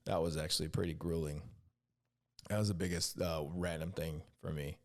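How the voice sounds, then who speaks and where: This Army veteran from California talks fast in a low-pitched voice with vocal fry. Hosting his podcast alone, he wanders through profane, casual Army anecdotes, animatedly performing the other people's dialogue himself.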